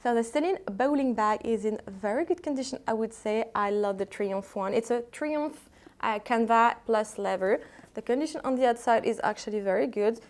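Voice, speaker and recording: A French woman speaking English with a clear French accent, in a slightly high voice. She talks in a chatty, hesitant way, with fillers and restarts, as she casually shows products to her viewers. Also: normal speed. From France. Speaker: vlogger selling secondhand luxury bags.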